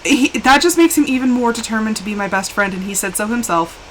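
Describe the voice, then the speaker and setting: A woman's voice: on the high side, fast, slight background noise, rough recording. A young woman chatting casually and animatedly while live-streaming a game. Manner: chatty and animated, with laughs and exclamations.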